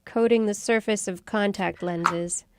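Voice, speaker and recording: A woman's voice: medium pitch, fairly even intonation, unhurried, darkish tone, a little hiss or hum. A woman hosting a science podcast, chatting casually and laughing often. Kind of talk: casual chat.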